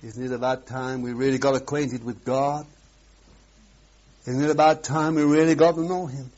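A man preaching a sermon, swinging between loud, emphatic exclamations and hushed asides. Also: medium pitch, flat delivery, normal speed. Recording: dull lo-fi sermon recording.

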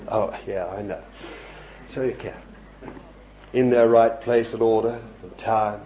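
A man preaching a fervent sermon to an evening meeting, pressing his listeners with repeated questions and swinging from loud cries to hushed asides. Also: on the low side, little pitch movement, unhurried, long pauses, slight background noise. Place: evening meeting in a room with a congregation. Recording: dull lo-fi recording.

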